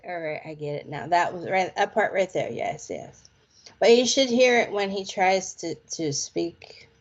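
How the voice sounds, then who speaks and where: Slow, playful woman psychic, lo-fi sound. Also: lowish voice. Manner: playful, chatty, slangy. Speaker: psychic palm reader. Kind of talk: casual live palm reading.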